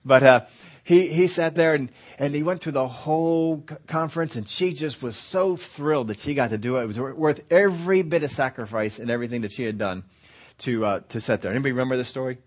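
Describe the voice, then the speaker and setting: A middle-aged man teaching a Bible study in a loose, conversational way. He rambles, restarts his sentences and chuckles now and then as he tells a story, with a voice of ordinary pitch for a man. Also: a little fast. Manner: folksy, rambling, with self-corrections and chuckles.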